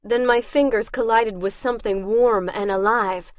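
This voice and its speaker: A woman narrating a fantasy audiobook in first person, in a measured, wry way. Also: on the high side, steady tone, no echo, studio quality.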